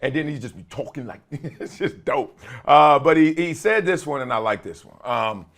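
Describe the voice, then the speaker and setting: Animated man hosting his own show. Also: mid-range voice, normal speed. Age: late 40s. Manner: animated, laughing often, folksy slang. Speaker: host. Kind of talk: casual solo commentary.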